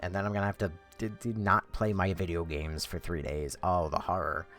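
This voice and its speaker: A man's voice: deep voice, brisk, fairly bright tone, faint music behind. A man ranting profanely and in exasperation while chatting on a game livestream from home. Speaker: game streamer. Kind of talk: livestream chat.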